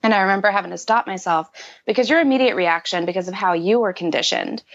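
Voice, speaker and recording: A woman's voice: medium pitch, fast talker, fairly bright tone. A woman in her thirties, a podcast guest, speaking candidly and reflectively in casual conversation, with many fillers. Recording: dull lo-fi audio.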